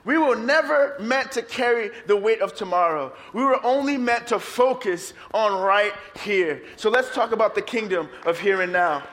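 High-voiced energetic male preacher. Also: moderate pace, few pauses. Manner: energetic, playful preaching, leads congregation in song. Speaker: pastor. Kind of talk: sermon.

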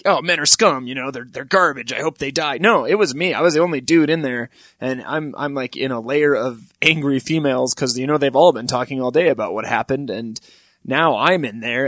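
A middle-aged man telling funny personal stories, with wry asides and sudden high-pitched emphasis. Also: fairly bright tone, no echo, clean studio sound. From Wyoming. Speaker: storyteller. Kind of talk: comic personal storytelling.

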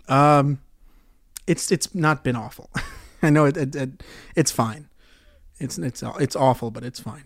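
A young man hosting a solo podcast, swearing and ranting sarcastically about his movie theater job, going from loud outbursts to quiet mutters. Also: medium pitch, no room sound, clean studio sound. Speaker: podcast host.

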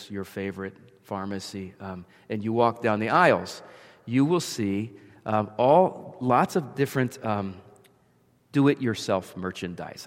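A man preaching an earnest sermon, paraphrasing scripture as heartfelt prayer and telling everyday stories. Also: mid-range voice. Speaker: pastor. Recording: long hall reverb.

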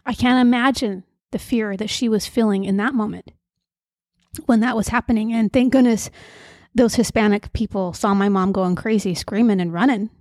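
A middle-aged woman host telling personal stories in an earnest, confiding way, with soft fillers between thoughts. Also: medium pitch, moderate pace, no room sound, studio quality. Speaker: podcast host and emotional coach. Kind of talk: personal storytelling monologue.

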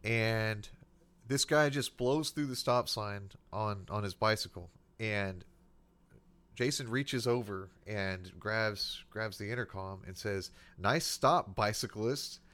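A man's voice: on the low side, slow pace, smooth. A man, a police officer, telling a ride-along story in casual chat, often breaking into laughter. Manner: animated, laughs while telling stories.

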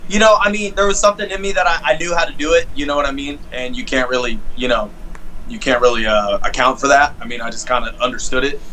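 A man's voice: medium pitch, fairly even intonation, fast, pushed and bright, slight background noise, rough recording. A man from St. Louis, a guest musician, telling stories in a rambling way with lots of fillers, talking into a phone on a video call from home. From St. Louis, USA. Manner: rambling, many fillers and restarts. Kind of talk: casual storytelling chat.

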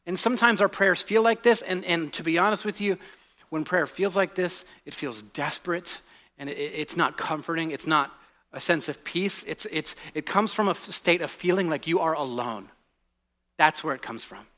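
Pastor, man in his 40s, high clear voice, loose storytelling sermon. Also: normal speed. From United States. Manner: animated storytelling, drops to a hushed voice on serious points, many restarts. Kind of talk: conversational sermon.

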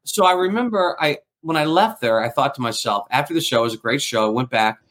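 Middle-aged man the ventriloquist guest, rapid-fire anecdotes, casual, average pitch. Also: a bit bright. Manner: rambling anecdotes with acted-out quotes. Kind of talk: casual interview storytelling.

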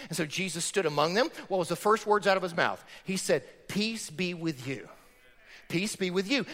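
A man preaching a sermon as pastor, animated, acting out quotes in the delivery. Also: high-pitched. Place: church sanctuary. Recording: church hall reverb.

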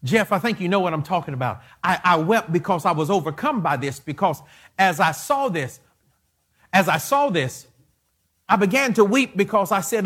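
A man preaching a prophetic sermon in a church, slow and emphatic, with heavy repetition that builds to shouted declarations. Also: high-pitched, expressive, husky. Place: church sanctuary.

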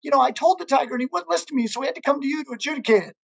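A man's voice: very high voice, very fast, gravelly, voice pushed up. A man voicing a stubborn male donkey in a spoken fable, screaming its claims in a frantic rush.

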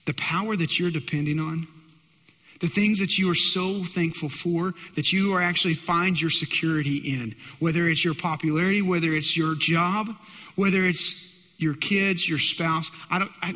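A man's voice: on the high side, bright, forceful tone. A man preaching a sermon, telling stories dramatically and acting out the quoted lines. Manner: dramatic storytelling with acted-out quotes. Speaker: pastor. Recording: long hall reverb.

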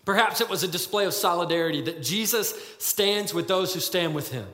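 A man's voice: sits high, sharp tone. A man preaching a sermon as a pastor, earnest and pleading, often restarting with fillers. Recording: echoey hall.

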